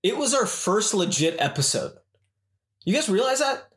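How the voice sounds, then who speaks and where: Brief: animated male host rambling to his audience on a chat podcast, echoey room. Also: high voice, moderate pace. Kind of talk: casual chat. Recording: roomy echo.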